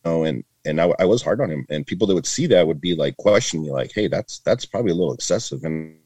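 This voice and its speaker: Deep-voiced middle-aged man, earnest and rambling. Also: animated, fast talker, a little mellow, husky, no room sound. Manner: earnest, rambling with many restarts and fillers. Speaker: guest, retired border patrol agent. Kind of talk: casual interview chat.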